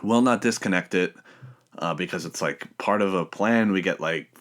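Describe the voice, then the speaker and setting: A man's voice: sits low, moderate pace, a bit bright. A man hosting a podcast alone, telling rambling, profane stories in a casual way. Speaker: podcast host.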